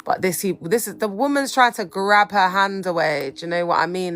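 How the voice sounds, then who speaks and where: A woman's voice: medium pitch, a little fast, hardly any pauses, fairly bright tone, dry recording. Slangy London woman in her thirties. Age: 30s. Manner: chatty, slangy, laughs often. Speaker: livestreamer. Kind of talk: casual live-stream commentary.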